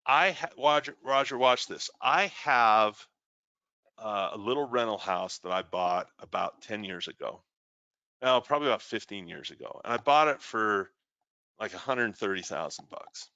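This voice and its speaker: Guy hosting a live trading stream, kinda low voice, bright edge, muffled dry sound. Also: animated, moderate pace, no echo. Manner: chatty, reads viewer comments aloud, tells stories. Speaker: trading show host.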